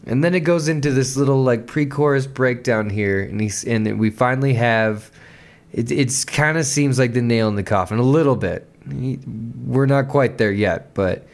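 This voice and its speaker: A man hosting a podcast, chatting loosely about a song with lots of swearing, restarts and quick laughs. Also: mid-range voice. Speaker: podcast host. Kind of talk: casual music commentary.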